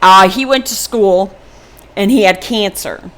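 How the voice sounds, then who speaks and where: A woman's voice: medium pitch, a little slow, fairly bright tone. A woman in her fifties talking casually and frankly to her viewers in a personal vlog, rambling with many ums and restarts. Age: 50s. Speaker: vlogger. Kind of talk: casual personal talk to camera.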